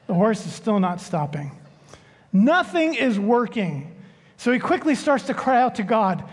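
A man preaching a sermon as pastor, telling a joke in a relaxed, unhurried way before the scripture reading. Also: high-pitched. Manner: unhurried, joking storyteller. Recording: long church reverb.

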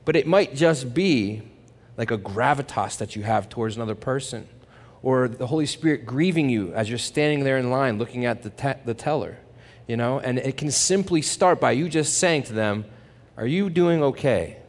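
A man's voice: medium pitch, expressive, normal speed. Exhorting male pastor in a church hall. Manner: exhorting, calls for amens. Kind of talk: sermon. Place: church sanctuary.

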